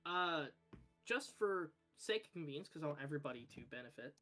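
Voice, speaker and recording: Guy running a dnd game, bright voice, lots of uhs and likes. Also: on the high side, brisk, faint music behind. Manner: relaxed, hesitant narration with fillers. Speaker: game master. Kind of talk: narrating a tabletop game.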